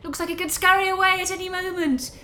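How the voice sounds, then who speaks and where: A woman's voice: extremely high pitch, fairly even intonation, bright, forceful tone, a little hiss or hum. A woman playing a chatty, fussy host who shows a friend around her lighthouse in a radio drama. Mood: eager. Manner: quick, fussy and rambling.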